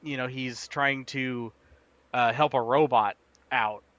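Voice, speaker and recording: Man, bright forceful voice, casual stream chat, rambling, filler-heavy. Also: medium pitch, fairly even intonation, slow, no room sound, highs cut off. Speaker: stream co-host presenting game news.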